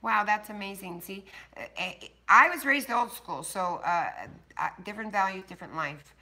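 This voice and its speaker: A woman's voice: mid-range voice, expressive, moderate pace, sharp tone. An older woman hosting a casual livestream, chatting bluntly and swearing freely with her viewers. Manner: blunt, profane, talking straight to chat viewers. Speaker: livestream host. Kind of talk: casual live-stream chat.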